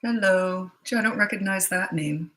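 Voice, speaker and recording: A woman's voice: mid-range voice, normal speed, a bit bright, rough recording. A middle-aged woman who works as a parenting coach chats casually on a livestream, greeting viewers by name and place with jokey asides.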